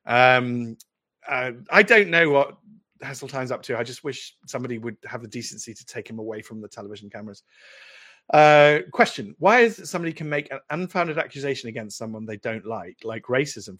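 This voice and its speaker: A lawyer in his forties from the United Kingdom answers viewer questions on a livestream, rambling casually with plenty of restarts and asides. He has a posh English accent and a sharp, medium-pitched voice.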